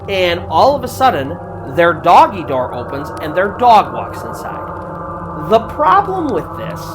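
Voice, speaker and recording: A woman narrating a true paranormal story in a casual, chatty way, with many fillers like "like". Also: lowish voice. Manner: chatty retelling with frequent "like" fillers. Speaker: storyteller host.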